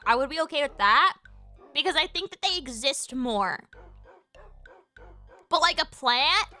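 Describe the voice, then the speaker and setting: A woman streams live, talking off the cuff in a high, bright voice. Her thoughts spill out with "like" at every turn, casual swearing, and sudden excited squeals. Faint music plays softly in the background. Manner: rambling, filler-heavy, swears freely, animated squeals. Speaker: livestreamer. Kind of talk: casual chat on a livestream.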